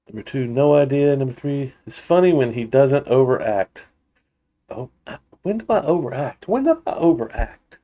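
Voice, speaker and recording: Chatty man rambling through a livestream. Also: mid-range voice. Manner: rambling, halting restarts, frequent laughter, reads viewer comments aloud. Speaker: motorcycle channel host. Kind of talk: casual livestream chat.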